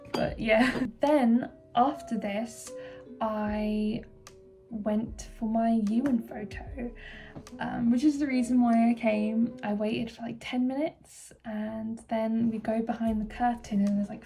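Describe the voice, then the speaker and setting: A young woman vlogging in casual chat, gushing with excitement and filling her talk with likes and ums. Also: a little high, vocal fry, far from the mic. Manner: excited, gushing, many fillers. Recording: voice set back from the mic.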